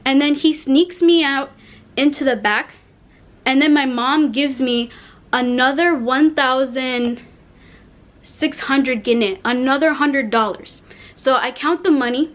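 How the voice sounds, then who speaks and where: A young woman narrates a storytime vlog straight to her camera. Her voice sits high, and she keeps the retelling animated, slipping into quoted lines as she goes. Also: a little slow, dull audio. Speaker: vlogger. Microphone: camera mic.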